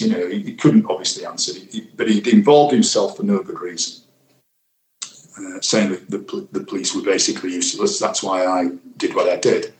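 A man in his sixties, a retired senior detective, recalling a case in a reflective, halting interview manner, acting out what people said. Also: sits low, fairly even intonation. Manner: reflective, halting with fillers, reenacts quotes. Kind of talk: interview recollection. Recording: echoey room.

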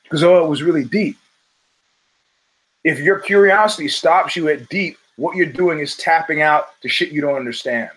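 Man, podcast host, rambling, profane, storytelling, slightly high voice. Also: normal speed, fairly bright tone, low-quality recording. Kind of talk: casual monologue.

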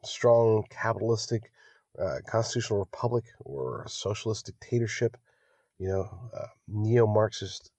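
A man hosting a political podcast, delivering a rousing monologue that builds to near-shouting exhortation. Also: on the low side, animated, normal speed, no echo. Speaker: podcast host.

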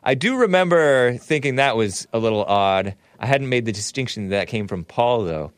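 A man's voice: medium pitch, expressive, normal speed, smooth, dry recording. A man hosting a livestream talk show, reading viewer messages aloud and chatting in a rambling, chuckling way. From United States.

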